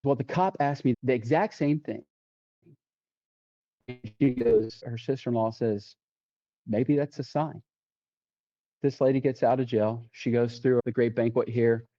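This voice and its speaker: With a warm, medium-pitched voice, a deputy sheriff recounts his personal testimony for a podcast at a measured pace, pausing often. He brings past conversations to life with quoted lines, keeps restarting sentences, and the recording sounds dull and lo-fi.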